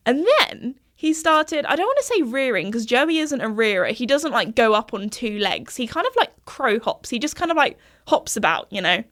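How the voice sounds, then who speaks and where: A woman's voice: on the high side, very animated, normal speed, hardly any pauses, a bit bright. A young woman hosting a podcast, chatting casually in a rambling way and laughing often. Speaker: podcast host. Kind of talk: casual chat.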